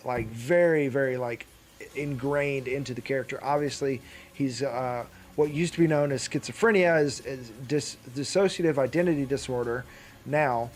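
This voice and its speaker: A man's voice: medium pitch, moderate pace. A man co-hosting a casual chat show, rambling through his points with lots of fillers, restarts and laughs. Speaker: podcast co-host.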